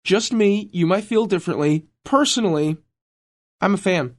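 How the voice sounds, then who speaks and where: A man's voice: sits high, fairly quick, darkish tone. A man co-hosting a podcast in casual chat, with a dry, joking delivery. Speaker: podcast co-host.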